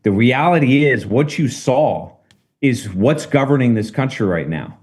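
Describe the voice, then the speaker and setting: A man talking through current politics in a casual discussion, measured and emphatic, with rhetorical questions. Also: mid-range voice, lively intonation, darkish tone. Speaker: political commentator.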